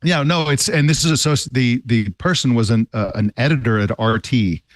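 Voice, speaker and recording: A man's voice: mid-range voice, brisk, dry recording. Discursive male tech panelist. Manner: thoughtful, discursive, with restarts and historical tangents. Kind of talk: casual tech talk show discussion.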